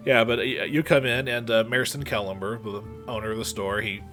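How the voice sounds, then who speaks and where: A man's voice: on the low side, steady tone, quick pace, pushed and bright, faint music behind. A man running a tabletop game as game master, narrating with stammering restarts.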